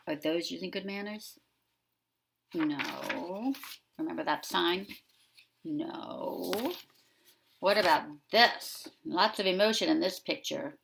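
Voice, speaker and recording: A woman preschool teacher discussing a picture book with young children, asking them gentle questions. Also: mid-range voice, animated, takes it slowly, creaky, slight background noise.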